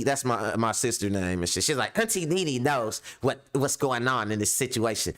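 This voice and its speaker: A middle-aged man hosting a casual commentary show, telling stories in slang and acting out voices in a high, squeaky pitch. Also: expressive, normal speed, few pauses, fairly bright tone.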